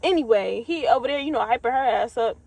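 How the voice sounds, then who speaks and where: A woman's voice: a little high, quick pace, gravelly, darkish tone, dry recording, rough recording. A young woman from the US Midwest telling a storytime in a blunt, profane, laid-back way with lots of fillers. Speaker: vlogger. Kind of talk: casual storytime.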